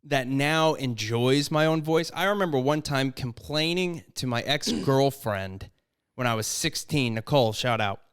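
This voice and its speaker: A young man co-hosting a podcast in casual chat, rambling and self-deprecating, with high tones he can drop low, talking into a studio mic in his apartment. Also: a little slow, clean tone. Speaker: podcast co-host and editor. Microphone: studio microphone with headphones.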